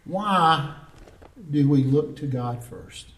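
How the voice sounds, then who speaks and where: Earnest pastor preaching in an echoing church. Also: male voice, on the high side, takes it slowly, fairly bright tone. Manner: earnest, storytelling, call-and-response preaching. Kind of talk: sermon. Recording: roomy echo, distant mic.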